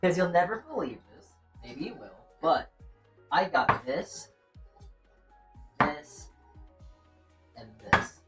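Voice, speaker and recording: A streamer cooking in a home kitchen, chatting casually to viewers and to themself while reading chat. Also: medium pitch. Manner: rambling, chatty, talks to self and chat. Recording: distant mic with music behind.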